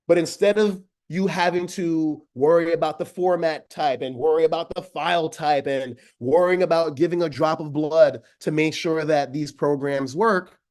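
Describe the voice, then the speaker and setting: A high-energy man with a Jamaican accent runs an online teacher training, chatty and eager, calling his listeners friends. His voice sits on the higher side for a man. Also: darkish tone. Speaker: educator giving an online training. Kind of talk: energetic webinar demo.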